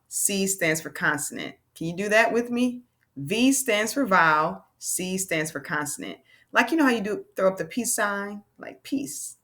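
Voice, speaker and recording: A woman teaching a children's reading lesson in an animated, playful way, slowing down to stress key words. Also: fairly low pitch.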